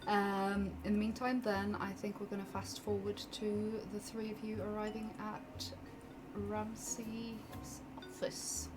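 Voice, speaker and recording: A woman narrating a tabletop game as game master, unhurried and full of fillers, laughing often. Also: mid-range voice, monotone, loud music behind the voice. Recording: noisy background hiss.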